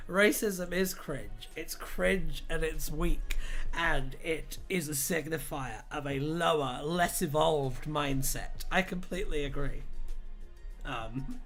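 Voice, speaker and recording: Guy hosting a stream, bright punchy voice, a bit high, swears and laughs a lot. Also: measured pace, soft background music. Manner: chatty and irreverent, swears often, laughs easily. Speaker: livestream host. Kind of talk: casual livestream chat and reading aloud.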